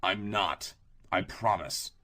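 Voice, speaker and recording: A man's voice: sits low, takes it slowly, pushed and bright, full character voice. A man doing a guarded, terse young man. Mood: defensive. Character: guarded young man, secretive former bodyguard.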